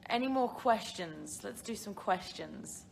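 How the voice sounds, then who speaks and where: This young woman with a British accent has a mid-range voice with lively intonation and vocal fry, speaking at a measured pace over a little hiss or hum. On her phone live stream, she answers viewer questions casually, rambling with fillers and giggles.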